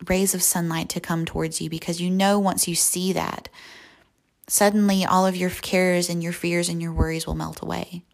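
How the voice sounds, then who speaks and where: A young woman hosting a devotional podcast, slowly and softly guiding a visualization, sometimes dropping to a whisper. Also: lowish voice, creaky. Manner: slow, soft and reflective, often near a whisper. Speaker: podcast host. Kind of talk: guided visualization and devotional talk.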